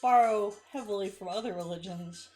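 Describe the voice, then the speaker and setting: A woman's voice: medium pitch, moderate pace, dark tone, soft background music. A woman co-hosting a livestream, teasing her partner and laughing often. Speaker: co-host of a painting stream. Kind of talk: casual joking chat.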